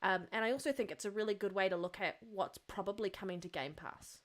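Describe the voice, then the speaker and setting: A woman's voice: medium pitch, quick pace. A woman with a New Zealand accent chats casually as co-host of a gaming podcast. She talks freely, with a mid-range voice, and laughs often.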